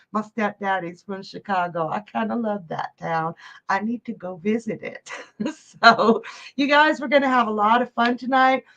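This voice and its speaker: A woman's voice: sits high, a bit bright, highs cut off. A woman hosting a live psychic reading stream, chatty and upbeat, greeting viewers and reading their chat messages aloud.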